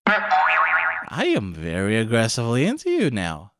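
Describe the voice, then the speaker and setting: A man doing a slow, sleazy male demon. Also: medium pitch, wildly swooping pitch, pushed and bright, dry recording, clean studio sound, faint music behind, voice pushed down, exaggerated voice. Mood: leering. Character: leering, lecherous male demon from a mirror. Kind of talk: parody anime recap voice.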